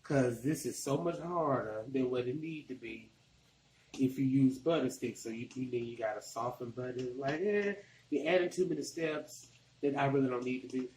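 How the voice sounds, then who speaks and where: A man's voice: medium pitch, moderate pace, a little mellow, roomy sound, slight background noise, rough recording. A man from Arkansas with a Southern accent, rambling casually while he walks through a cooking tutorial in his home kitchen. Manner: chatty, rambling, colloquial. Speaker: cooking vlogger.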